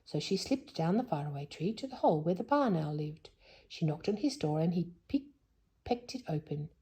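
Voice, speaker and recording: A woman's voice: on the low side, lively intonation, moderate pace, dark tone, breathy edge. A woman reading a children's storybook aloud, stopping now and then to explain things to a young listener in a whisper. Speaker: storybook reader.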